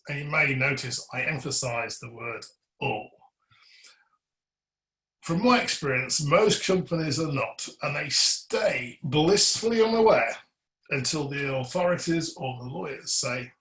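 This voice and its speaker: A man whose voice sits on the high side, animated, a little slow and a bit bright, presents on electrical compliance in a webinar. Earnest and emphatic, he puts sharp questions to listeners and signals slide changes to a colleague, all in an echoey room.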